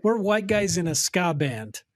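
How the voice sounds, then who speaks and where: A man's voice: sits high, big pitch swings, unhurried, a crowd in the background. A middle-aged man co-hosting a podcast, chatting casually with teasing, joking banter. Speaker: podcast co-host. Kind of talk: casual chat.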